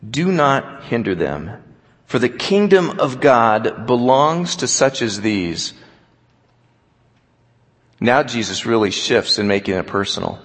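A man preaching a sermon, telling stories with animation and dropping to a quiet voice for scripture. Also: mid-range voice, vocal fry. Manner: storytelling, animated, drops to quiet for quoted scripture. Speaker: pastor. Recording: long hall reverb.

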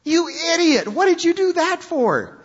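A man voicing panicky, bewildered male sailors who shout in alarm and indignation. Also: very high voice, wildly swooping pitch, fairly quick, breathy edge, voice pushed up, full character voice. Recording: dull lo-fi sound with long hall reverb.

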